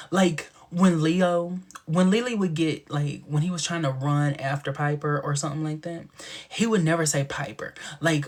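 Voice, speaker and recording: A man hosting a casual live stream, chatting to viewers in a playful, sassy way with lots of laughter and dramatic asides. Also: fairly high pitch. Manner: animated and playful, with frequent laughter.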